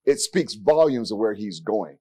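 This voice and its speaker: A man's voice: on the low side, lively intonation, normal speed, warm tone, no room sound, studio quality. A man in his sixties moderating a panel discussion from a podium, with folksy joking asides. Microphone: podium mic.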